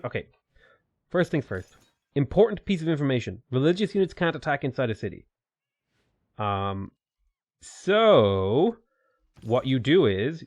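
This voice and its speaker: A man commentating his own strategy gameplay live, chatting and answering viewer questions with sudden bursts of excitement. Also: mid-range voice, dry recording. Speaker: game streamer.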